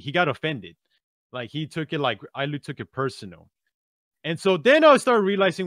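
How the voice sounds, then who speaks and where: Brief: man, podcast co-host, bright tense voice, fairly high, animated storytelling. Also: brisk, no room sound, studio quality. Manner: animated storyteller, tags lines with "right?". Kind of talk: casual podcast discussion.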